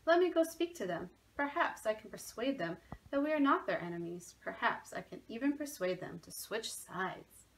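A woman's voice: animated, normal speed, fairly bright tone, recorded from a distance, slight background noise. A woman voicing a hearty, big-hearted old German baker who bellows his lines in a read-aloud storybook. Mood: stirring. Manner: booming, bellowing declarations.

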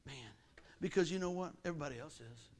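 A middle-aged man preaching a sermon in a folksy, animated way, his pitch and volume jumping often. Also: fast. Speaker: pastor.

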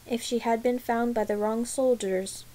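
A woman's voice: a little high, fairly even intonation, normal speed, mellow, natural voice, rough recording. A woman voicing a tense, guarded female attendant who speaks without inflection in a storybook reading. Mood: flat tense.

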